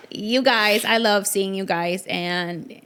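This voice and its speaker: A woman's voice: mid-range voice, extremely slow, fairly bright tone, a little hiss or hum. A woman hosting an interview podcast, supportive and affirming as she reflects on her guest's story. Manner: supportive, affirming, frequent encouraging murmurs. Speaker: podcast host. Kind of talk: interview conversation.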